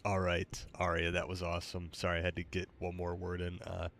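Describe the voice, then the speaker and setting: A man's voice: low-pitched, completely flat delivery, brisk, fairly bright tone. A tired man hosting a late-night gaming stream, rambling with hesitant fillers and yawns. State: tired, yawning. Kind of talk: casual gaming stream chat.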